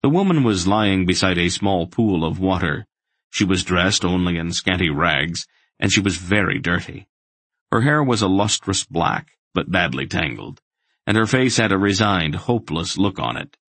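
A man narrating an audiobook in a steady, even storytelling voice. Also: deep voice, normal speed, dry recording.

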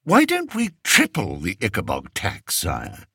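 A man voicing a scheming, smooth-talking courtier with an unctuous, measured manner, in an audiobook. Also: fairly low pitch, wildly swooping pitch, bright, forceful tone, no room sound, clean studio sound, full character voice. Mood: oily. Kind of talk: audiobook character voice.

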